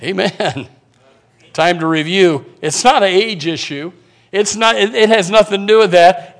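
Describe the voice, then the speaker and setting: A man preaching a sermon as pastor, fiery, swinging from loud shouts to quiet asides, with stammering restarts. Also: sits high, moderate pace. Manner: repeats words, stammering restarts.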